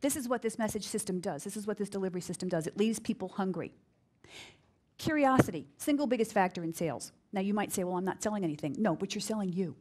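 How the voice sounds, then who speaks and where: An energetic middle-aged American woman leads a live business workshop. She talks with emphasis, circles back on key phrases and drives each point home to the room. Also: quick pace. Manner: acts out quoted voices with big pitch jumps. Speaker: speaker giving a business workshop. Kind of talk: live workshop talk to an audience.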